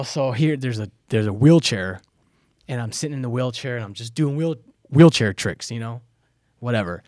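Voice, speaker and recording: An American man and former soldier recounts his past in a casual interview. He talks candidly and with energy, slipping into the voices of the people in his stories. His voice sits at an ordinary pitch, recorded dry and close with no room sound. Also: normal speed, no room sound. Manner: candid, animated, acts out quoted voices. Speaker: guest.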